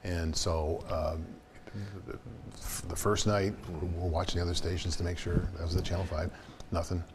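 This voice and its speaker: A man's voice: deep voice, flat delivery, moderate pace, noisy background. An older man, a veteran TV news reporter, telling anecdotes in an interview and acting out the voices of people he quotes. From Ohio.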